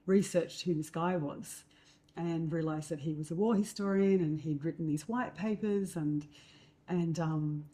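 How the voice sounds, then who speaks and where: A middle-aged Australian woman, speaking as a guest in conversation, spins her story with plenty of fillers and acted-out quotes. Her voice sits a little low and sounds warm and mellow. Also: measured pace.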